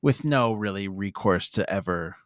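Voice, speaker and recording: Low-voiced man musing over a film. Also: moderate pace, dry recording, studio quality. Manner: thinking aloud, with restarts. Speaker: podcast co-host. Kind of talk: casual film review chat.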